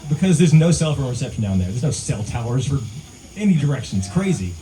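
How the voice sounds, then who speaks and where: A male singer-songwriter telling a relaxed, conversational story between songs at a live outdoor show, into a stage mic. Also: medium pitch, quick pace, poor audio. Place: live music venue, outdoors among pines.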